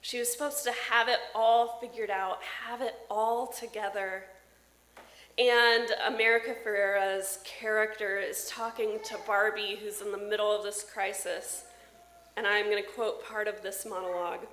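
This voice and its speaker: A woman's voice: mid-range voice, level tone, moderate pace. A woman in her thirties, a pastor, giving a sermon with personal storytelling. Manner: warm personal storytelling from the pulpit. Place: church sanctuary. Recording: roomy church echo.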